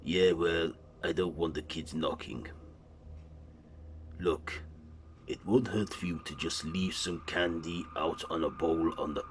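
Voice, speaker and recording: Man doing a brusque dad, very deep voice, slow and flat. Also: slight background noise. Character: father heading out to a party, adult man.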